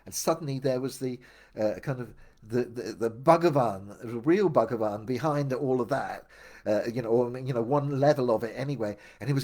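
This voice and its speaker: An older man with a husky, slightly breathy voice at an ordinary middle pitch. He tells his life story casually, wandering and reflecting as he goes and often circling back to restart a thought. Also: a little fast, darkish tone. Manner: meandering, reflective, with many restarts. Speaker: memoir storyteller. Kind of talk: casual first-person storytelling.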